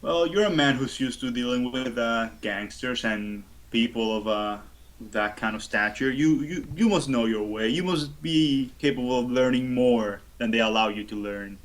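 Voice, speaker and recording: A man playing a male street runner who questions a captive in a calm, pressing and smooth-talking way. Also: mid-range voice, moderate pace, natural voice. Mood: persuasive.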